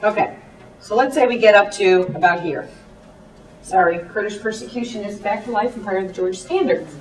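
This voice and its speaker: A woman teacher giving a chatty presentation with quick asides. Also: mid-range voice, a little hiss or hum. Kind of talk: classroom presentation. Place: presentation room. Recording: echoey room, far from the mic.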